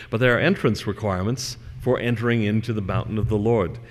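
Low-voiced man lecturing in a hall. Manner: relaxed, conversational, slows to read verses aloud. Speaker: lecturer on scripture. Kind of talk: lecture with scripture reading. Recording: long hall reverb.

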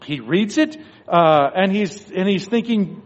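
A man's voice: high voice, lively intonation, measured pace. A man giving a devotional talk, telling a story and acting out the thoughts of the people in it. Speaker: religious speaker. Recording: dull recording in a reverberant hall.

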